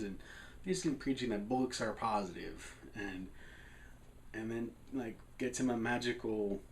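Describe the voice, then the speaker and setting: A man's voice: medium pitch, darkish tone, slight background noise. A man casually recapping a film's plot, rambling with restarts. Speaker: film reviewer.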